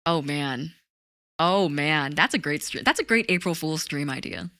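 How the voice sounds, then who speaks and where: A woman's voice: low voice, animated, normal speed, fairly bright tone, no room sound, studio quality. A woman streaming live, chatting casually with her chat, giggly and talkative. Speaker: VTuber streamer.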